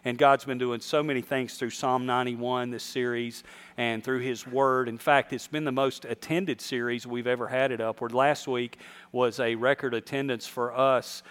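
A man's voice: mid-range voice, level tone, moderate pace, fairly bright tone, smooth. Pastor joking with his flock. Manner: joking, storytelling to a congregation. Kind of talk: sermon. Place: church service before a live congregation.

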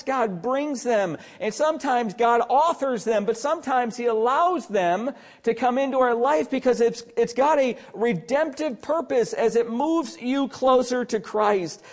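A man preaching an earnest sermon as pastor, with emphatic stress and quiet asides. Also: extremely high pitch.

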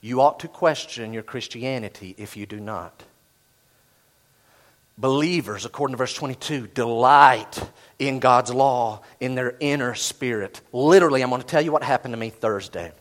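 A middle-aged man preaching a sermon, animated, swinging from loud bursts to hushed asides. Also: mid-range voice, normal speed. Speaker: pastor.

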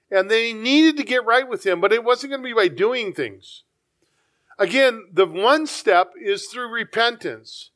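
A man with a high voice preaches a sermon. He reads scripture aloud with small stumbles and repeats words. He lifts his voice further when he presses a point. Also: sharp tone. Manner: rises in pitch for emphasis, repeats words, stumbles while reading.

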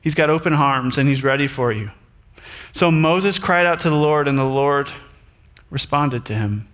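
A man preaching a sermon to his congregation, animated and addressing them directly. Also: mid-range voice, normal speed. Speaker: pastor.

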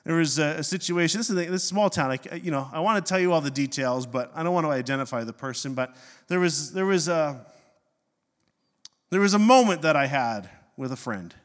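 A middle-aged man, a pastor, preaching a sermon and telling a personal story with self-mocking humor and animated swings in his delivery. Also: fairly high pitch, fairly quick. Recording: long hall reverb.

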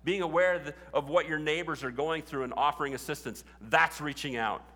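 A man's voice: on the high side, a little fast, fairly bright tone. A man preaching a sermon as pastor, chatty at first and rising to fervent exhortation. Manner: conversational, building to fervent exhortation. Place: church sanctuary. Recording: long reverb of a large hall.

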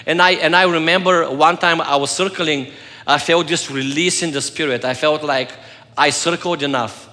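Man, pastor, sermon, earnest storytelling, bright tone, long hall reverb. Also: on the high side, fairly even intonation, moderate pace. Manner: earnest storytelling, swings between loud and soft.

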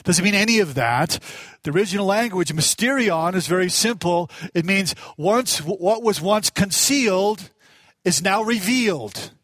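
A man's voice: sits high, lively intonation, unhurried, a bit bright, no room sound. A middle-aged male pastor preaching a sermon in a conversational way, telling a personal story with feeling. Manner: conversational and self-deprecating, tells personal stories with emotion.

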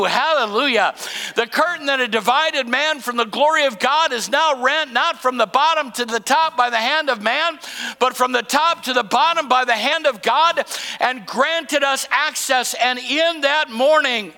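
High gravelly pastor guy preaching, shouts then drops real quiet, big echoey hall. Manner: preaching with big swings between shouting and hushed tones. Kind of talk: sermon.

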